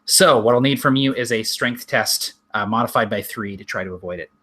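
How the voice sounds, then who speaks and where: Bright-voiced male game master. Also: mid-range voice. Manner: unhurried and descriptive, with frequent ums. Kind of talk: narrating a tabletop game.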